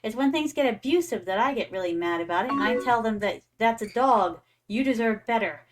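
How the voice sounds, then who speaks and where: Young woman, game streamer, playful, chatty, fairly high voice. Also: animated, a little fast, over music. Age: young adult. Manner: playful and chatty, calls viewers "my darlings". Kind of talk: casual gaming stream chat.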